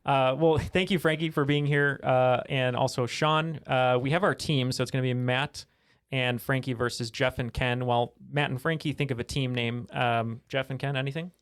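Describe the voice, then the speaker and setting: A man co-hosts a trivia podcast in a relaxed, joking chat, peppering his talk with uhs. His voice sits at an ordinary middle pitch. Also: normal speed, smooth. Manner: loose, joking, filler-heavy. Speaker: podcast co-host and scorekeeper. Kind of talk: casual chat.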